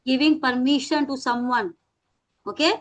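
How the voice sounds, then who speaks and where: A woman teaching an English class over a video call, in Indian English, mixing Hindi with English and stretching words out slowly for her students. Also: high-pitched.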